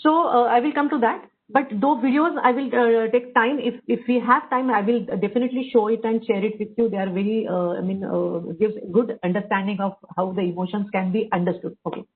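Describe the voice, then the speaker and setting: A woman's voice: on the high side, fairly even intonation, fairly quick, hardly any pauses, husky. A woman with an Indian accent giving an online workshop talk, explaining with examples and switching between English and Hindi. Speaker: workshop speaker. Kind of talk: online lecture. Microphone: video call. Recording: tinny call audio.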